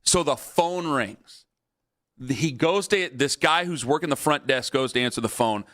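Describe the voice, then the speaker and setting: Bright-voiced man telling a lively story. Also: medium pitch, unhurried. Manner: animated storyteller, acts out other people's lines. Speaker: radio sports talk host. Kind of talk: storytelling on sports talk radio.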